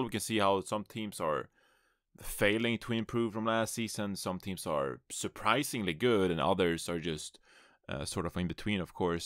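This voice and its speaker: Man hosting a solo podcast, deep and gravelly, upbeat and chatty with a dry close sound. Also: fairly bright tone, no room sound. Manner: upbeat, rambling, self-amused, with restarts. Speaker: podcast host and esports analyst. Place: his apartment.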